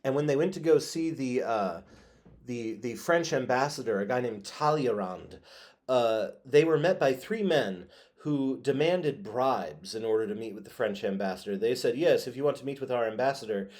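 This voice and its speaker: A man's voice: mid-range voice, expressive, moderate pace, a little mellow. A man giving a recorded history lecture in a conversational way, with frequent filler words and small self-corrections. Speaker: history teacher.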